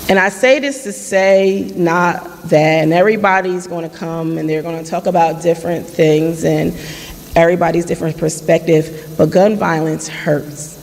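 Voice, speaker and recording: With fairly even intonation, normal speed, and some vocal fry at a medium pitch, a late-30s forum speaker earnestly shares their experience. They relive past conversations in their own voice inside a church hall whose long reverb colors the sound.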